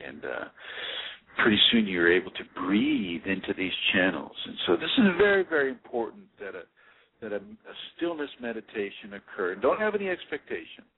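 A man giving a relaxed, rambling talk as a spiritual teacher, with many fillers and restarts. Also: on the low side, normal speed, a little hiss or hum. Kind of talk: casual instructional talk. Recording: tinny lo-fi phone-like audio.

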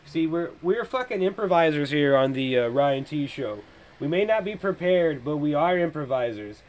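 A man hosting a podcast with a slightly high voice, riffing loosely as he reacts to a trailer. He is excitable, thinks aloud and swears in nearly every sentence. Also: normal speed. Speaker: podcast host. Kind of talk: casual trailer reaction commentary.

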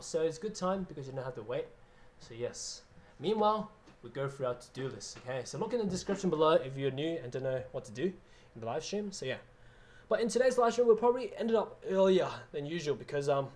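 A man's voice: on the high side, expressive, a little fast, a little mellow, slight background noise. A man hosting a casual piano livestream, chatting loosely, reading out viewer names and laughing often. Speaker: livestream host and pianist.

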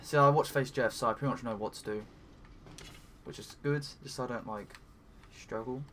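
A man giving let's play commentary while he plays, talking to himself, swearing often and breaking into excited cries. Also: mid-range voice, fairly quick, a little hiss or hum. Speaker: gaming commentator.

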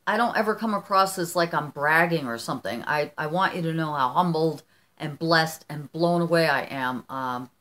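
A middle-aged woman vlogger from the United States talks casually and warmly to her viewers. Her voice sits a little low for a woman. She gushes and rambles, often restarting her sentences as she goes. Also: moderate pace. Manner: gushing, effusive, rambling with restarts. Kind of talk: casual chat opening fan mail.

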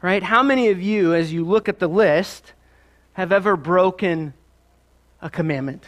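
A man's voice: high-pitched, normal speed, a bit bright. A man with a Midwestern American accent, preaching a sermon in a conversational, storytelling way with asides. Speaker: pastor.

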